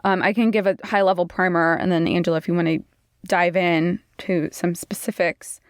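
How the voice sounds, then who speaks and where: A woman's voice: on the low side, steady tone, normal speed, smooth, dry recording, clean studio sound. A woman co-hosting a podcast, chatting casually and explaining legal basics step by step. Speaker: podcast co-host.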